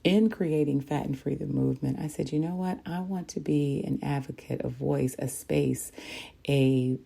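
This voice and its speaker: A middle-aged woman hosting a podcast, telling her own story in a candid, animated way and repeating phrases for emphasis. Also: deep voice, moderate pace, creaky, breathy edge. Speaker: podcast host. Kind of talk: personal storytelling monologue.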